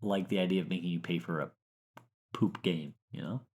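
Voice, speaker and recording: A man's voice: sits low, a little fast, a little mellow. A man co-hosting a gaming podcast in casual chat, rambling and correcting himself. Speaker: podcast co-host.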